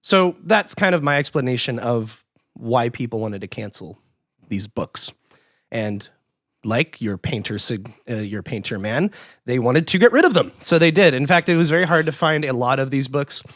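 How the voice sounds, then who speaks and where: A man hosts a podcast in a loose, rambling way, full of fillers. His voice sits at an ordinary pitch and is recorded close and dry. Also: animated, normal speed, a bit bright, no echo. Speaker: podcast host. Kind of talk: casual podcast chat. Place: podcast studio.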